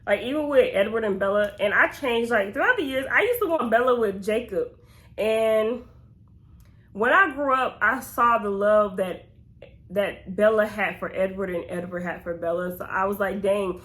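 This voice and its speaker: A woman's voice: medium pitch, moderate pace, fairly bright tone. A young woman with a Georgia drawl talks casually to her viewers, answering questions one by one. Her voice sits in a middle range. She rambles and wanders off on side thoughts as she goes. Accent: Southern US (Georgia). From Georgia, USA. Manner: chatty and rambling, drifts off on tangents. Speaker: YouTuber. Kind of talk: casual Q&A vlog.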